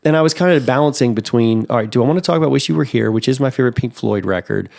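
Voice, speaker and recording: Rambling, excitable male podcast co-host. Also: rapid-fire, creaky. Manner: rambling, many fillers and restarts, jumps up in pitch when excited. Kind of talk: casual music chat.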